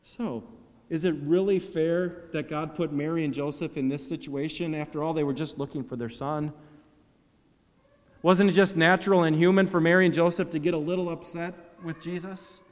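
A man's voice: fairly high pitch, steady tone, moderate pace, long reverb tail. A man preaching a sermon, asking rhetorical questions and acting out quoted complaints. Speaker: pastor.

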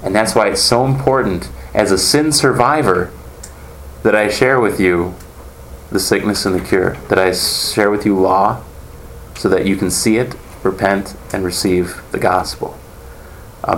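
A man with a low, creaky, fairly bright voice gives an earnest, conversational Bible lesson, explaining things and quizzing the class. Faint background noise and room echo are audible.

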